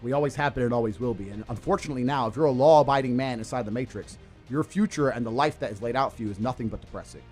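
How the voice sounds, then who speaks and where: Fast, blunt man with faint music. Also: medium pitch. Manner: blunt, forceful, swears, acts out quoted lines. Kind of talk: motivational advice clips.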